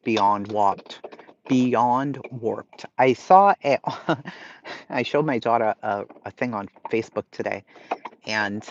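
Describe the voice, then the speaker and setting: A man's voice: fairly low pitch, slow pace, no room sound. A man with a Boston accent hosting a livestream, reading out chat messages and ranting bluntly with lots of swearing. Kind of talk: casual chat. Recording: slightly lo-fi stream audio.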